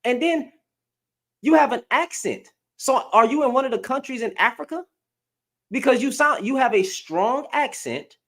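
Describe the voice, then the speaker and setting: A man's voice: extremely high pitch, expressive, moderate pace, fairly bright tone. A young man ranting through a reaction commentary at home into his webcam, repeating himself in disbelief. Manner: ranting, repeats phrases, incredulous. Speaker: commentary vlogger. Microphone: computer webcam.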